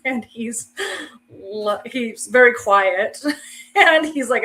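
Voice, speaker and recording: A woman's voice: on the high side, takes it slowly, pushed and bright. A woman in her forties giving a candid, conversational personal testimony, with wry asides. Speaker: speaker sharing her cancer story.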